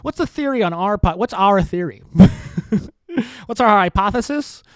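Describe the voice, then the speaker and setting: A man's voice: high voice, animated, normal speed, a bit bright, clean tone, no echo. A man hosting a podcast, rambling through political commentary in a profane, sarcastic way and laughing often. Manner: profane, sarcastic, laughs often, puts on mocking voices in quotes. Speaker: podcast host.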